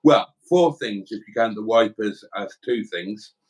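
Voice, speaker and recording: A man's voice: on the low side, measured pace, slightly rough. A middle-aged man from South Wales hosting a casual livestream, chatting in a rambling, self-deprecating way as he reads out viewer comments. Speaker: livestream host.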